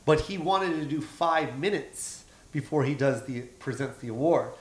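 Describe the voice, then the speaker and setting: A man, a stand-up comedian, telling animated stories in casual podcast chat, acting out quotes with plenty of swearing. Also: a little high, moderate pace. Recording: echoey room.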